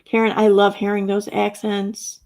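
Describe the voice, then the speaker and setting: Chatty woman streamer with a gravelly voice. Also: medium pitch, monotone, normal speed, a little mellow. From Central New York. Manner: chatty, laughs often, reads chat comments aloud. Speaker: live streamer. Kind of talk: casual live stream chat reading comments.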